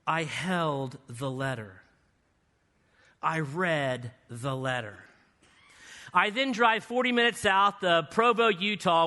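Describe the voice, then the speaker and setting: A man giving a guest sermon in a church, telling a lively story with playful asides. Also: very high voice. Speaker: guest speaker. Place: church sanctuary. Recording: reverberant church hall.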